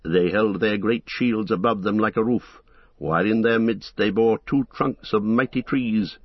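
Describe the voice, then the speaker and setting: Low, husky male narrator. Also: no echo, dull audio. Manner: measured, dramatic storytelling. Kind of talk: audiobook narration.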